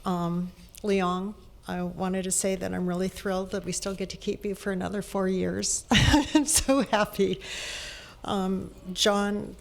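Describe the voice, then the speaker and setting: A woman's voice: medium pitch, creaky. A woman giving a public comment in a community hall, emotional and thankful.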